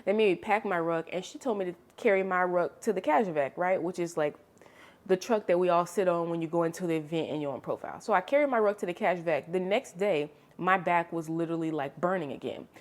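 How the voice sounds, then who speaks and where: A young adult woman vlogger telling a story in casual, chatty storytime style. She is expressive and animated, and she calls the listener honey and girl. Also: fairly low pitch, fairly quick. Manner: animated, expressive storytelling with sharp swings in loudness.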